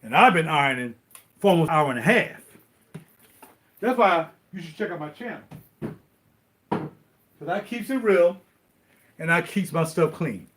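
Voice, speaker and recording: A man's voice: a little high, lively intonation, unhurried, pauses often, fairly bright tone, slight background noise. A middle-aged man, rambling in casual live-stream chat straight to his viewers while ironing. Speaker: vlogger.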